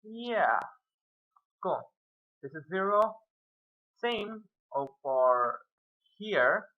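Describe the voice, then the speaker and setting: A man's voice: high-pitched, very animated, very slow, narrow, tinny audio. A man giving a casual whiteboard math lesson, rambling and muttering self-mocking asides as he works through the steps. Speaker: math tutor.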